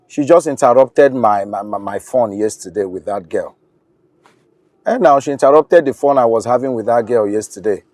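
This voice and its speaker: A man's voice: mid-range voice, a little mellow, dry recording, natural voice. A Nigerian man in a film drama, talking casually and complaining. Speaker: housemate of the woman's boyfriend.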